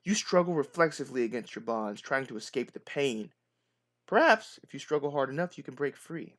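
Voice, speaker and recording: A man plays through a solo tabletop horror adventure, reading the story aloud and calling out his dice rolls. Afterwards he turns chatty and upbeat, filling pauses with little ums. His voice sits in an ordinary middle pitch. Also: lively intonation, fairly bright tone. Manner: upbeat, chatty, with frequent fillers. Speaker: game master narrating a solo adventure. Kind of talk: narrating a solo tabletop game.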